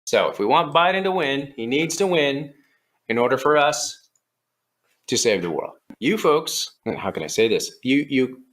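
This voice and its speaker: A man's voice: medium pitch, sing-song, normal speed, a bit bright. A man playing Satan as a scheming, sly male devil who coaxes and mocks in a comedy sketch. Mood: sly coaxing. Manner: sly, coaxing, mocking.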